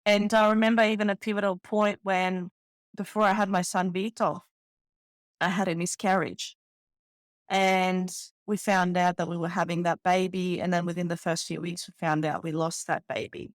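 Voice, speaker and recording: A woman's voice: fairly low pitch, flat delivery, moderate pace, no room sound. A woman from the Balkans in her thirties, a podcast host speaking candidly and from the heart in a personal monologue, with lots of "you know". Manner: heartfelt, candid, many fillers.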